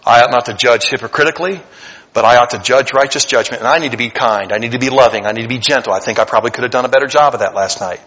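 A pastor preaching a sermon, animated and conversational, swinging between loud emphatic passages and hushed earnest asides. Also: male voice, mid-range voice, racing, lo-fi sound. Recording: long hall reverb.

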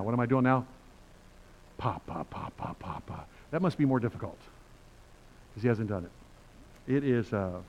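Older male pastor, mid-pitched, lively conversational sermon delivery, lo-fi sound. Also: a little hiss or hum. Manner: animated, conversational preaching with quoted voices. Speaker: preacher.

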